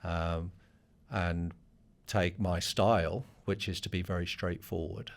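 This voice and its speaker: Speaking slowly in a low, gravelly voice with a steady tone, a middle-aged man who leads a business talks plainly in a podcast interview. His manner is direct and conversational, full of fillers.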